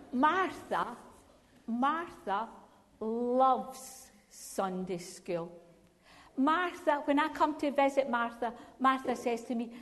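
A woman's voice: fairly high pitch, slow pace, fairly bright tone, big-room sound. An older woman with a Scottish accent, a grandmother giving a chatty talk to a church congregation and asking them questions. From Scotland. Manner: chatty, storytelling, asks the audience questions. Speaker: Salvation Army speaker.

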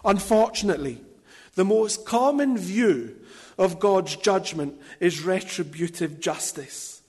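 A man preaching a sermon in a deliberate, emphatic way, with light self-deprecating asides. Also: sits high, animated, darkish tone, husky, big-room sound.

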